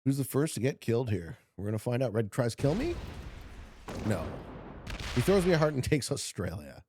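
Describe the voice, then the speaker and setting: A man streaming a strategy board game, chatting casually with viewers and swinging from low murmurs to loud shouts. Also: big pitch swings, moderate pace, slightly rough, no echo. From Canada.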